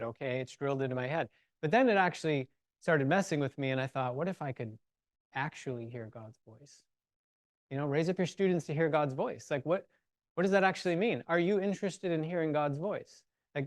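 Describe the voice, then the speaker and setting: A middle-aged chapel speaker talks to a live audience in a relaxed, excitable way. The voice sits at an ordinary middle pitch and sounds close and dry, with no room echo. The talk is full of asides and jokes at the speaker's own expense. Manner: enthusiastic, chatty, self-deprecating humor. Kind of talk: casual faith and science talk. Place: university building, before a live audience.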